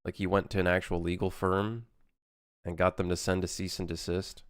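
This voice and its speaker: A man's voice: sits low, little pitch movement, moderate pace, clear, resonant tone, no echo, clean studio sound. A young man chatting casually on a game development live stream, rambling and correcting himself as he reads chat.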